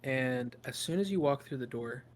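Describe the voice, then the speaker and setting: A man's voice: medium pitch, expressive, normal speed. A man narrating a tabletop game as game master, in a loose, improvised storytelling way with fillers.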